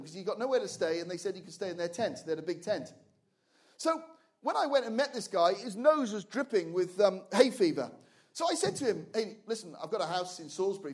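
An older man, preaching and telling a personal testimony, his storytelling building to loud, fervent shouting. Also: high voice. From England. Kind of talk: sermon testimony.

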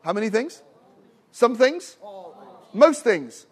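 A middle-aged man delivers a sermon in a strikingly high voice. He preaches with fervor, swells to shouting at his peaks, and keeps asking the congregation for an amen. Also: moderate pace. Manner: impassioned, rising to shouts with frequent "Amen?" calls.

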